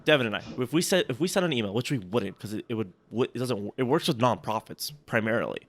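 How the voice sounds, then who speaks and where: Critiquing sales emails in a casual chat, a male podcast co-host rambles, cracks jokes, and keeps interrupting himself mid-sentence. His mid-range voice is expressive and quick.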